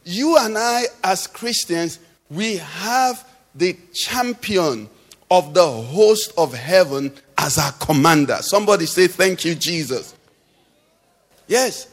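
Man, middle-aged pastor, sermon, call-and-response, high-pitched, long hall reverb. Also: a little slow. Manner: call-and-response preaching, illustrative asides. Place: church hall.

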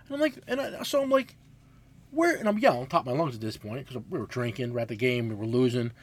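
A man in his forties co-hosting a casual podcast, telling loud, profane stories. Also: medium pitch, lively intonation, fast. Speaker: podcast co-host, mechanic.

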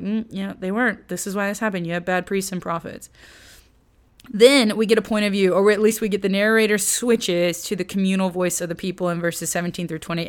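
A woman teaches the Bible in an easygoing, chatty way. She drops slang into her lessons and retells the old stories with energy. Her voice sits in a middle pitch. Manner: conversational and slangy, lively retellings.

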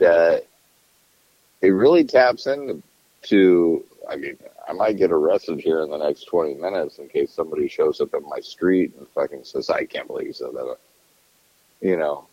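Low-voiced man ranting on a podcast. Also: darkish tone, dry recording, lo-fi sound. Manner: profane, rambling, restarts sentences. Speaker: podcast co-host. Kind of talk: casual political chat.

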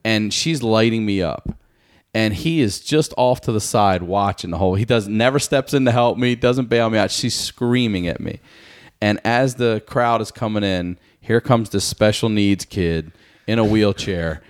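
A comedian telling a profane story on a podcast, acting out the people in it. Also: male voice, fairly low pitch, normal speed, clear, resonant tone. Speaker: comedian guest.

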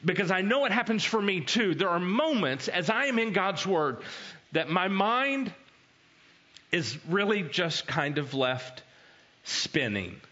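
A man preaching a conversational sermon as an animated storyteller. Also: high-pitched, unhurried, highs cut off. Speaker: pastor.

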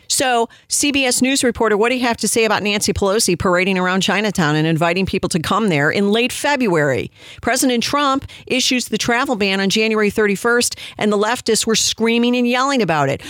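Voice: medium pitch, brisk, fairly bright tone, dry recording, studio quality. Indignant, sarcastic political commentator. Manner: indignant, sarcastic, mocks quoted voices. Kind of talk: opinion commentary.

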